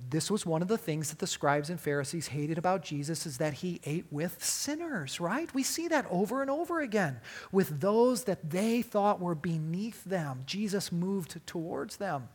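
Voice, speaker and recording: A preacher with a husky, mid-range voice and lively intonation delivers a sermon on a Bible passage at a moderate pace. He's emphatic, often throwing rhetorical questions at listeners, and his loudness swings widely.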